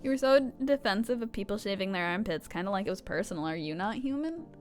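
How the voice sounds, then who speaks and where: A woman's voice: mid-range voice, lively intonation, fast talker, soft background music. A woman streaming a game, joking casually and reading game text aloud. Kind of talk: casual gameplay commentary.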